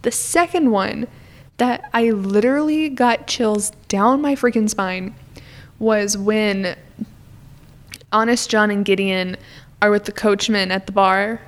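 A woman's voice: medium pitch, slow. A woman talking casually about a film on a podcast, her voice sitting in an ordinary middle range. She is chatty and leans on "like" as she walks through scenes. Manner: chatty, retells scenes with lots of "like".

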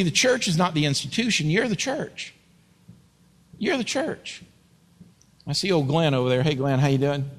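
A male pastor preaching in a church, hammering points home by repetition and speaking directly to his listeners. His voice sits a little high. A long hall reverb trails behind every phrase. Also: a bit bright. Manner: emphatic, repetitive preaching, talks to the congregation. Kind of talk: sermon.

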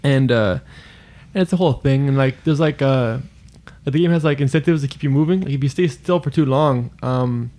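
A man's voice: medium pitch, fairly quick, mellow. A man co-hosting a podcast in casual chat, rambling and trailing off, laughing often. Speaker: podcast co-host.

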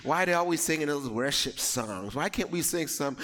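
Animated preacher man, lively and high. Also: brisk, in a large hall. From West Indies. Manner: animated, acts out dialogue in comic voices; builds to shouting. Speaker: pastor. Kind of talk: sermon.

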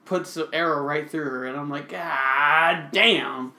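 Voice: mid-range voice, fairly even intonation, fairly quick, a bit bright. A podcast co-host in loose, profane casual chat, laughing often and talking bluntly. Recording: roomy echo.

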